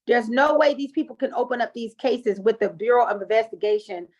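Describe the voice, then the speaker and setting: A woman leads a group coaching call, animated and chatty with lots of fillers. Her voice sits fairly high. The sound is dull and lo-fi, like audio from an online call. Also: fairly quick. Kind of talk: coaching talk and personal storytelling.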